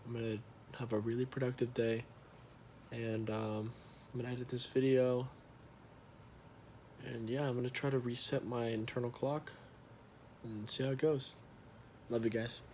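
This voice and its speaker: A man's voice: medium pitch, flat delivery, normal speed, pauses often, a little mellow, a little hiss or hum. A young man talking casually to his viewers in a candid, rambling vlog, swearing freely. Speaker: vlogger.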